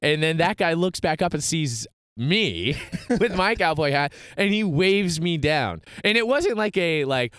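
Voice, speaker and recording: A man's voice: fairly high pitch, animated, unhurried, hardly any pauses, a bit bright, clear, resonant tone, dry recording, studio quality. A young man telling a story in casual chat, laughing and acting out the people he quotes. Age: young adult.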